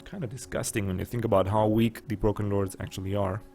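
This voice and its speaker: A man's voice: fairly low pitch, steady tone, fast, darkish tone. A man with a German accent, casually commenting on a strategy game and thinking aloud with muttered asides. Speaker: let's play gamer.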